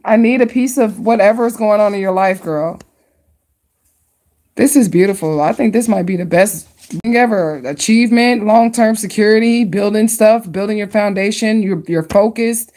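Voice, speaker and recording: A woman hosting a live stream and reading tarot cards for her viewers, chatty and excitable, with casual slang and drawn-out emphasis. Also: mid-range voice.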